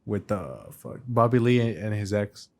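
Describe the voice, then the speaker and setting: A man with a fairly low voice trades casual podcast banter with his cohost. He is easygoing, often laughs along, and tends to keep his replies short. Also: expressive, moderate pace, a little mellow. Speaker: podcast co-host. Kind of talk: casual chat.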